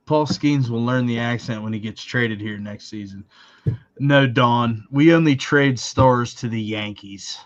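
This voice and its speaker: A man's voice: mid-range voice, unhurried. A man co-hosting a casual wrestling podcast, teasing in a dry way and swearing casually. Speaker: podcast co-host. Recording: slightly dull lo-fi audio.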